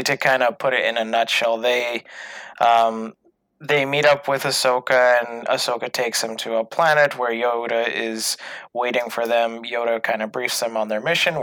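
A man's voice: medium pitch, fairly even intonation, normal speed, a bit bright, no echo, low-quality recording. A man co-hosting a casual talk show, speaking hesitantly with many fillers and restarts. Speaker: podcast co-host. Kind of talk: casual chat.

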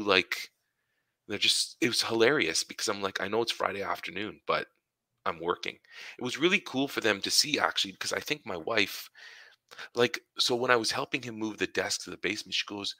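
A man's voice: lowish voice, a little fast, bright, forceful tone, no echo. A man in his forties co-hosting a podcast, telling rambling stories in casual chat and laughing often. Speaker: podcast co-host.

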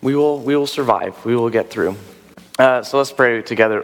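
Hoarse pastor in a reverberant church. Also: male voice, medium pitch, moderate pace. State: hoarse after a nap. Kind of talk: sermon teaching. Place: church sanctuary.

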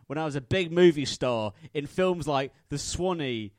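A man voicing a male swan with a thick Cockney accent, a wisecracking former movie star with gruff geezer banter. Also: on the high side, animated, moderate pace, darkish tone, natural voice. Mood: reminiscing.

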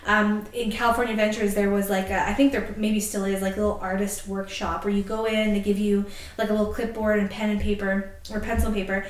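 A woman's voice: mid-range voice, reverberant, poor audio. A woman co-hosting a podcast, chatting casually, laughing often and swearing freely as she tells stories. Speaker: podcast co-host. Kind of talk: casual chat, storytelling.

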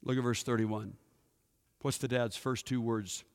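A man's voice: mid-range voice, fairly even intonation, unhurried. Man preaching in an echoing hall. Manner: storytelling preacher, asks the congregation questions. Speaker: pastor. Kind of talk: sermon. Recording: echoey hall with long reverb.

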